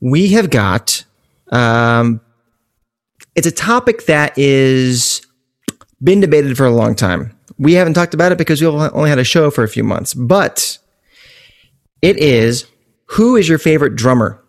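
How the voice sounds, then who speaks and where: A man's voice: mid-range voice, animated, measured pace, long pauses. A man co-hosting a music podcast, chatting casually with jokey asides and rambling tangents. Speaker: podcast co-host.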